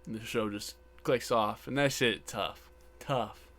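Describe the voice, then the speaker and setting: A man's voice: on the low side, measured pace, a bit bright. A man co-hosting a podcast, casually retelling wrestling scenes, acting out quotes and swearing, with repeated words. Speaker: podcast co-host. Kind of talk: casual chat recapping wrestling. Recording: background buzz.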